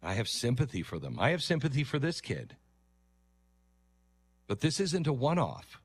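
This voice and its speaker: A man's voice: mid-range voice, wildly swooping pitch, moderate pace, slightly rough, no echo. A middle-aged man commenting earnestly on a video, lecturing and sometimes mocking with impressions. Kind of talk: reaction commentary.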